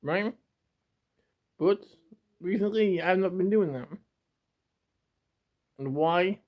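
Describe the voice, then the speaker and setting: A man's voice: high voice, takes it slowly. A young man talking straight to his camera in an emotional, rambling confessional, stumbling and repeating himself, close to tears. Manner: rambling and repetitive, stumbling over words. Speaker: vlogger. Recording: dull lo-fi home video.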